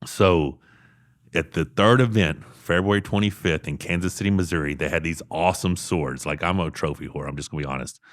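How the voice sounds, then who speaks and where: A man, telling animated stories as a podcast guest. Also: low-pitched, no echo, studio quality. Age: 40s. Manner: fast animated storytelling. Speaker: podcast guest, arm wrestler. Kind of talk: casual interview storytelling.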